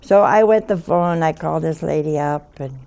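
An older woman telling a story in a slow, folksy way, chuckling as she goes. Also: sits low, gravelly, mellow. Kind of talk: storytelling talk.

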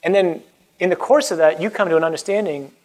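A man's voice: sits high, quick pace, darkish tone. A man who is a Catholic priest, giving an earnest, emphatic and informal talk that moves into a prayer. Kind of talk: conversational preaching and prayer.

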